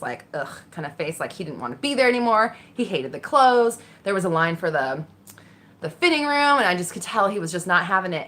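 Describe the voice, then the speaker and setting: A woman telling a personal story casually, candid and animated, swearing freely and acting out the voices in her head. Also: lowish voice. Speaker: vlogger.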